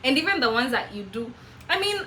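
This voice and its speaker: A young Kenyan woman with a Meru accent, whose first language is Kimeru, chatting casually to camera in an animated way and laughing often. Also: on the high side, a little fast, slight background noise, low-quality recording. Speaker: vlogger.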